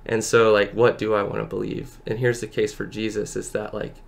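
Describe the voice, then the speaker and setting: A man with a low voice and a gravelly edge tells his faith testimony as a guest in a relaxed chat. He speaks earnestly and haltingly, leaning on filler words as he searches for what to say. His emotion sits close to the surface. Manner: emotional, close to tears at times. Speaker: podcast guest. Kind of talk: personal faith testimony in casual conversation.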